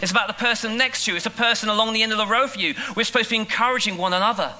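A man preaching a sermon in an animated, emphatic way, rushing through asides and slowing down on key lines. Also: high voice, rough recording. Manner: animated, emphatic, shifts between quick asides and slow stressed lines. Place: school hall.

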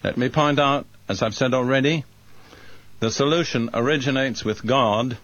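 A man preaching a sermon, reading scripture and explaining it in a slow, deliberate, emphatic way. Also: medium pitch, a bit bright, no echo. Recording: dry, dull lo-fi recording.

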